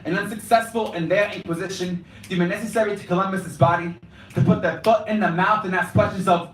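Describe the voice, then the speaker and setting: A young slam poet with a high, steady voice performs fairly quickly in an indoor cafe space, alternating Spanish and English in a rhythmic delivery. The distant room mic gives an echoey sound with a little hiss or hum.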